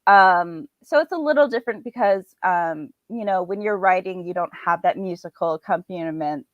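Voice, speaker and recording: A woman's voice: fairly low pitch, normal speed, no echo. Chatty woman guest, filler-heavy, dry lo-fi recording. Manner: chatty, filler-heavy, acts out her own thoughts. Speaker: indie author and podcast guest. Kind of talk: casual interview chat. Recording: dull, slightly lo-fi dry sound.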